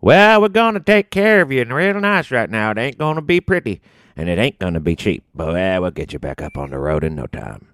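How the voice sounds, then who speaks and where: A cranky old Southern mechanic. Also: male voice, on the low side, very animated, a little fast, a bit bright, dry recording, studio quality, pitched above the performer's own voice. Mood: folksy gruff. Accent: Southern US rural. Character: old male small-town mechanic, folksy, cranky.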